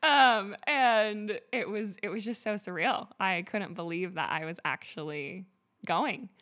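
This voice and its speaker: A woman's voice: fairly low pitch, normal speed, a bit bright. Chatty woman telling her story. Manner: chatty, filler-heavy with frequent "like". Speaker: interview guest, weaver. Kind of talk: casual interview storytelling.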